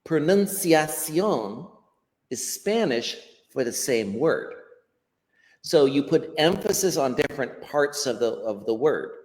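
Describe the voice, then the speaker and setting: An American man, a language educator, explaining pronunciation in an interview in a lively teacherly way. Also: mid-range voice, unhurried, long reverb tail. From United States. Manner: animated teacherly explaining, acts out quotes. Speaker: ESL educator, guest.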